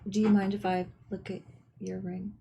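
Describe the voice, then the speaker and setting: A woman's voice: medium pitch, level tone, moderate pace, gravelly, dark tone, slightly rough, muffled recording. A woman playing a tabletop game, chatty and slightly hesitant. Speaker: player. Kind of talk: casual tabletop play.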